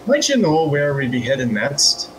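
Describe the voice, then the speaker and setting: A formal, old-fashioned samurai warrior, played by a man at a tabletop game, asking questions in courtly, archaic turns of phrase. His voice sits a little high for a man. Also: very animated, normal speed, a bit bright, a little hiss or hum, rough recording.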